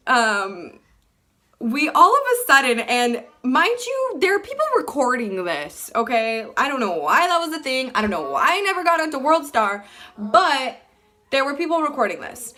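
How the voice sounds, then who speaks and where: A young woman telling a personal story to camera in casual chat, animated and full of "like", acting out what people said. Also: high-pitched, unhurried. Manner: animated, fillers like "like" throughout, acts out quotes. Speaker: vlogger.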